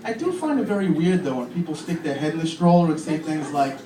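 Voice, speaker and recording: A man in his thirties doing a stand-up comedy set in a comedy club, with deadpan delivery and crude punchlines. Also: a little high, fast talker, few pauses. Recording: echoey club from far off. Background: audience laughter and room noise.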